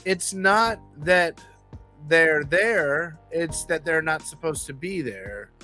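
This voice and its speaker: A podcast host in casual chat, reactive and quick to joke. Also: medium pitch, expressive, bright, forceful tone, faint music behind.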